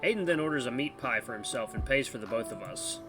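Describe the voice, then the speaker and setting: A man hosting a let's play, chatty and animated, reading game text and the main character's lines. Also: mid-range voice, fast talker. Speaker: gaming channel host. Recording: background music under voice.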